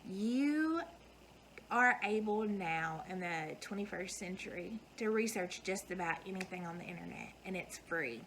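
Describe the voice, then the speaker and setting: A woman's voice: medium pitch, normal speed, pushed and bright, slight background noise, low-quality recording. A woman, giving an earnest, folksy motivational talk to her viewers. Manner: earnest, folksy, emphatic repetition. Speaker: vlogger.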